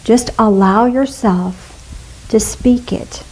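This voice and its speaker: Playful, high-voiced woman minister. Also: slow pace, poor audio. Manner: warm, playful, musing aloud with asides. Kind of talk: spiritual talk to a congregation.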